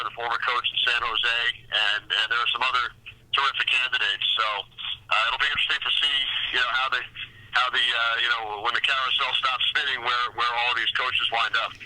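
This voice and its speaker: A man's voice: medium pitch, little pitch movement, fairly quick, bright, forceful tone. A man, a hockey play-by-play announcer, calling into a radio show by phone, chatty and friendly, short on sleep. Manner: friendly, chatty, with many fillers and restarts. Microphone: telephone line. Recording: phone-line call on radio.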